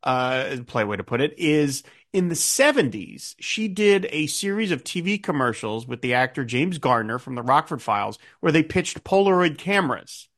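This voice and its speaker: A middle-aged man co-hosting a podcast, chatting about a TV show in an animated way, full of asides. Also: fairly high pitch, moderate pace, few pauses. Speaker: podcast co-host. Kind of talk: casual chat about a TV show.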